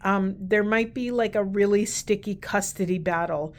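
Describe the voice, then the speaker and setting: A woman talks straight to her viewers during a spiritual card reading. She speaks in an earnest, meandering way and grows gently emotional at times. Her voice sits at a middling pitch. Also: moderate pace. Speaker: tarot and oracle card reader.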